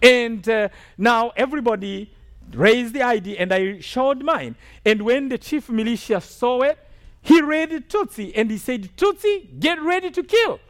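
A man's voice: extremely high pitch, a little slow. A man from Rwanda preaching a sermon testimony, telling his story emphatically and checking in with the congregation. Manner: emphatic storytelling with call-and-response asides.

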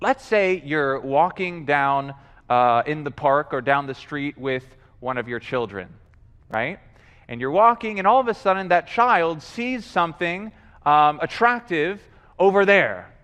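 A man preaching a sermon in a lively, animated way, acting out voices and repeating himself as he builds a point. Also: fairly high pitch, unhurried, clean tone. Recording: long hall reverb.

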